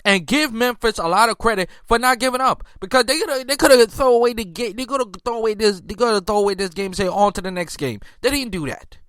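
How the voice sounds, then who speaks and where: Heated high-voiced man ranting about basketball. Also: fast, few pauses, fairly bright tone, clean tone, dry recording, clean studio sound. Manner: heated, repetitive restarts, incredulous outbursts. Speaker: sports podcast host. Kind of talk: casual sports commentary.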